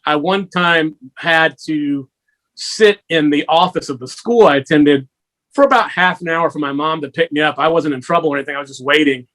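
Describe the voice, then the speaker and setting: A man's voice: a little high, moderate pace, a bit bright. A man talking as a guest musician in a casual radio chat, telling stories and laughing often. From Georgia, USA. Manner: chatty, storytelling, laughs often.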